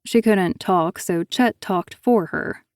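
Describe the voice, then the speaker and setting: A woman narrating an audiobook thriller in a steady, even storytelling manner on a close mic. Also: mid-range voice, slow, clear, resonant tone, no echo.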